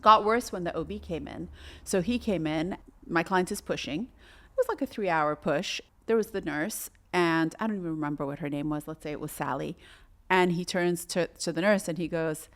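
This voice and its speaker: A woman's voice: fairly low pitch, normal speed. A middle-aged woman, a doula, telling a story in a casual podcast chat and acting out the voices of the people in it. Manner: animated, acts out quoted voices.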